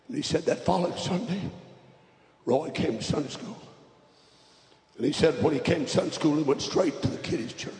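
Preacher, dramatic storyteller, tenor-high, recorded in a roomy reverberant hall. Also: male voice, brisk, long pauses. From Georgia, USA. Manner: dramatic, builds from hushed to loud. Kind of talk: storytelling sermon. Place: large revival meeting hall.

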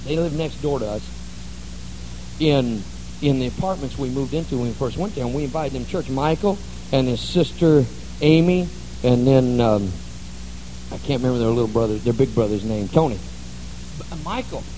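A man's voice: medium pitch, normal speed, pauses often, dark tone, a little hiss or hum, poor audio. A man pastor preaching a sermon in a church, telling stories in a folksy, conversational way. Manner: folksy storytelling.

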